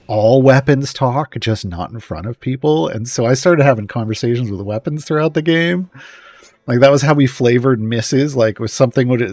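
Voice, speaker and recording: A man chatting casually on a live stream, rambling and often trailing off with pauses and small chuckles. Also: mid-range voice, a little mellow, dry recording.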